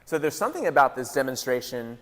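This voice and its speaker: A man, a pastor, giving a casual, joking sermon with lively retellings. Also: mid-range voice, fast, long reverb tail. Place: large hall.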